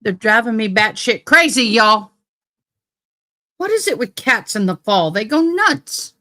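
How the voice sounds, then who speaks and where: Bright, chatty woman livestream host. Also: a little high, very animated, a little slow. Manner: chatty, informal. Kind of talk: casual chat to viewers.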